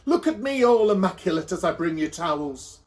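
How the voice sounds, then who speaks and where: A man's voice: sits high, big pitch swings, brisk. A man with a Welsh accent voicing a boozy, bossy drag queen hostess who calls everyone dear. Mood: grand.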